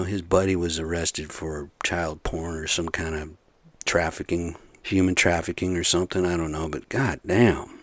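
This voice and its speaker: Deep-voiced man ranting and swearing. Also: no room sound. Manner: rambling, heavy swearing, asks rhetorical questions. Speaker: vlogger. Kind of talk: casual profane rant to camera.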